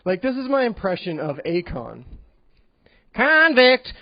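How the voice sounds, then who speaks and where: A man's voice: high voice, animated, moderate pace, no room sound. A young man doing a stand-up set in a comedy club, awkward and giggly, with many ums. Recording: dull lo-fi live recording.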